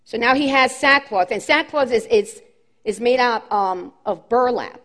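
A woman's voice: fairly high pitch, measured pace, fairly bright tone. A woman preaching a sermon with impassioned emphasis, repeating key phrases as her voice rises and falls.

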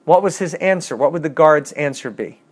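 A man's voice: a little high, brisk. A man teaching a casual bible class, reading scripture aloud and adding wry, chatty asides.

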